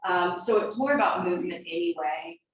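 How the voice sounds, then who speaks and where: A middle-aged woman, a yoga teacher, speaks briskly in a low voice, giving a chatty, meandering talk before class with frequent ums and uhs. She's in a large yoga studio, recorded from a distance, so it sounds echoey with faint noise.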